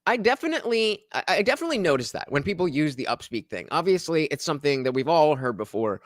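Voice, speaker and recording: A man hosting a live stream, reacting to a clip and excitedly thanking donors, sometimes breaking into shouts. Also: fairly high pitch, fast, no room sound. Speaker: livestream reaction host. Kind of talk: casual live-stream chat.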